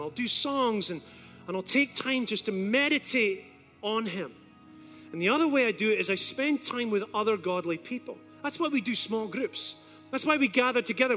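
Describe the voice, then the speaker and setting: A male preacher giving a sermon, telling stories in an animated way and acting out scenes. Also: extremely high pitch. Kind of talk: sermon with storytelling.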